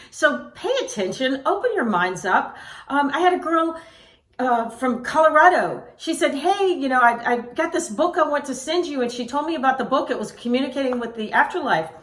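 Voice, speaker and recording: A middle-aged woman with a high voice tells personal stories straight to her viewers, earnest and emotional, often restarting her sentences. She sounds a little distant from the mic. The room around her is echoey. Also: fairly bright tone.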